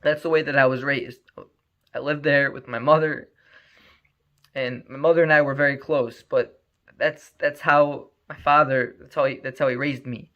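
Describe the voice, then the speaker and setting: A man voicing a tearful young man, telling his past in a halting, earnest way, on a muffled lo-fi recording. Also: medium pitch, steady tone, natural voice.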